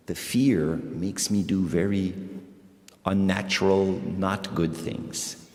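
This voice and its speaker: Deep-voiced man preaching in echoey church. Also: slow pace, vocal fry. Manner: conversational, animated, repeats phrases for emphasis. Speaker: priest. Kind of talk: sermon. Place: large church sanctuary. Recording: echoey church hall, long reverb.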